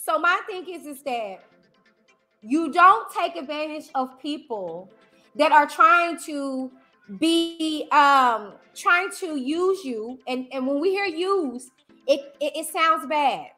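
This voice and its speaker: A woman with a high, bright voice talks straight to her livestream viewers. She is emphatic and animated and keeps circling back to her phrases. Faint music plays behind her. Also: takes it slowly. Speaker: YouTuber host. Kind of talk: livestream commentary.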